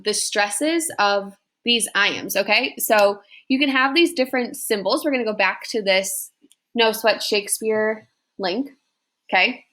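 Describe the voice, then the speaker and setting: A woman's voice: medium pitch, pushed and bright. A young woman teaches a class lesson while recording her computer screen. She speaks patiently in a mid-range voice and checks in with "okay?" after almost every point.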